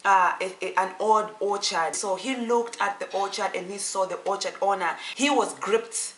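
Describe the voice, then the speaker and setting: A woman's voice: medium pitch, moderate pace, fairly bright tone. A woman telling a story casually and off the cuff, full of restarts and "you know" fillers, slipping into the characters' lines as she goes. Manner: acts out the characters' lines in quoted voices. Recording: echoey room with faint ambience.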